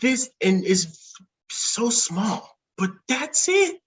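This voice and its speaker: Lively man explaining ideas. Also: very high-pitched, very slow. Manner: explanatory, emphatic teaching tone. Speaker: guest shaman and teacher. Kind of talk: casual chat.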